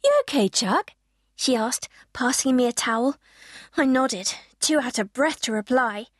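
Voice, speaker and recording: A woman's voice: on the high side, measured pace, dry recording, studio quality. A woman narrating a children's audiobook in the first person, telling it expressively.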